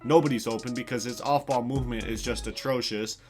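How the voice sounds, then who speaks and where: A young man giving excited play-by-play commentary over a basketball video game, hyping big plays, sometimes yelling and casually swearing. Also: mid-range voice, brisk, faint music behind. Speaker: gaming YouTuber.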